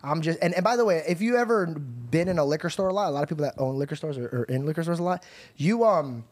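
A man telling a story on his podcast in a loose, animated way, with lots of swearing and "bro." His voice sits a little high for a man. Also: fast. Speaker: podcast host. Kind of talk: casual storytelling chat.

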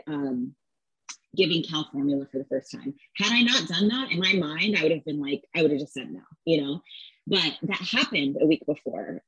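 A woman's voice: deep voice, husky, dry recording, rough recording. A woman in her thirties, a interview guest, telling a story in a chatty way full of fillers and acted-out quotes. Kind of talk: casual storytelling.

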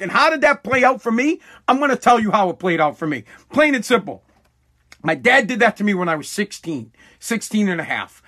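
A man's voice: high-pitched, sing-song, brisk, bright, forceful tone. A man telling a casual story bluntly, full of swearing and restarts. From Massachusetts.

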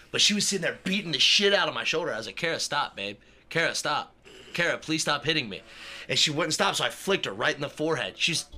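Podcast host, male; lively, very bright tone, swearing storyteller. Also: a little high. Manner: animated storytelling, swears often. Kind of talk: casual chat.

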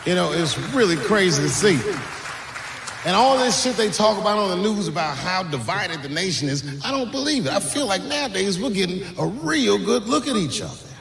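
A man's voice: high-pitched, very animated, gravelly, a crowd in the background, noisy background. A man doing stand-up comedy, telling stories and acting out other people's voices, stretching his punchlines. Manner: storytelling with acted-out voices, drawn-out punchlines. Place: comedy stage before a live audience. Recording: echoey live venue with audience.

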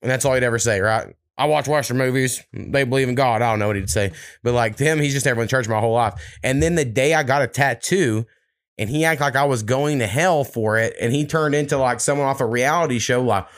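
A man's voice: medium pitch, quick pace. Profane storytelling young man host. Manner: profane, storytelling with mimicked quotes. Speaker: podcast host. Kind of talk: casual chat.

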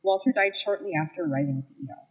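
A woman's voice: lowish voice, very fast, breathy edge, dull audio. A woman co-hosting a true crime podcast, switching between casual banter and reading case facts, often laughing and stumbling over names.

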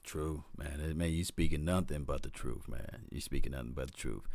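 A man's voice: a bass voice, a little fast, vocal fry, darkish tone, no echo. A man co-hosting a casual sports livestream, easygoing, reading viewer donations aloud and laughing often. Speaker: co-host of a sports fan livestream.

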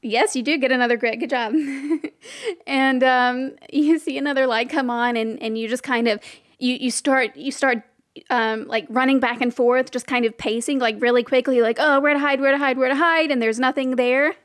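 A woman's voice: fairly high pitch, moderate pace, no room sound, clean studio sound. A woman running a tabletop game as game master, narrating loosely with many fillers and frequent laughs.

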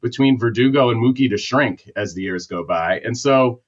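A man's voice: fairly low pitch, a little fast. A man with a Boston accent delivers a rambling, opinionated rant in casual sports talk. The audio is dull and lo-fi. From Massachusetts.

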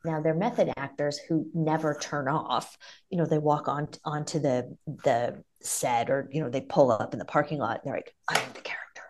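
A woman from Ohio, a stand-up comedian, chatting in an animated, encouraging way. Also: sits low, moderate pace. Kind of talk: casual chat.

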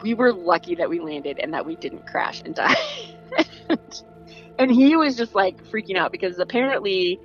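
A woman telling a story in a casual, animated way, laughing and imitating the people in it. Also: mid-range voice, a little fast, hardly any pauses, dull audio, faint music behind. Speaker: guest storyteller.

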